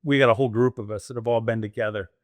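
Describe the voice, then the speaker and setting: Talking in a rapid-fire, lowish voice with no echo, this interview guest is a middle-aged man from the United States who once flew military aircraft and now owns a franchise. He tells his stories animatedly, laughs a lot, and performs quoted dialogue.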